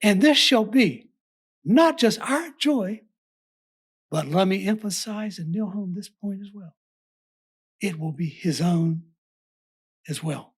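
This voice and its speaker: A woman delivering a scripted Bible study sermon in a measured, emphatic, formal way. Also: medium pitch, animated, husky. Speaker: preacher.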